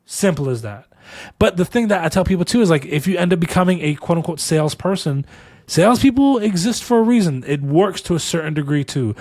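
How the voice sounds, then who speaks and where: Tired podcast co-host, male, slightly high voice, recorded dry; animated storyteller who repeats points for emphasis. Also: a little fast, no room sound. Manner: animated, acts out dialogue in stories; motivational, emphatic repetition. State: tired after back-to-back recording. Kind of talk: casual storytelling.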